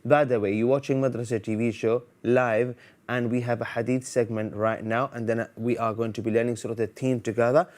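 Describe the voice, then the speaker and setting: Man, live TV lesson host, playful, quizzes the viewers, mixes in Arabic phrases, mid-pitched voice. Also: level tone, brisk, a little mellow. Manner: playful, teasing, asks the viewers questions; sprinkles Arabic phrases into English. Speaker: TV Quran teacher and host. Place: TV studio.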